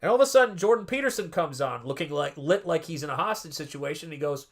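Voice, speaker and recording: A man hosting a live stream, chatting casually in a rambling, animated way and often cutting himself off. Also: a little high, fast talker, few pauses. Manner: rambling, animated, self-interrupting. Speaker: livestream host and artist.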